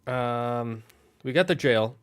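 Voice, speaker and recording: Brief: man, mid-pitched, dry close mic, ponders aloud while worldbuilding on stream, keys clicking behind. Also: smooth, no room sound. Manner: thinking aloud, halting and restarting. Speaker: streamer building a fantasy world. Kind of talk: casual solo stream chat.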